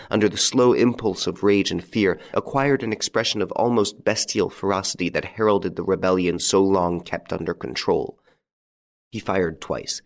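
A man narrating an audiobook in a measured, steady storytelling manner. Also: deep voice, gravelly. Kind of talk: scripted narration.

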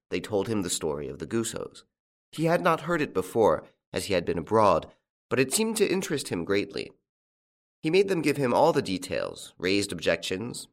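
A man narrating a classic story as an audiobook, with an expressive storytelling delivery. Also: on the low side.

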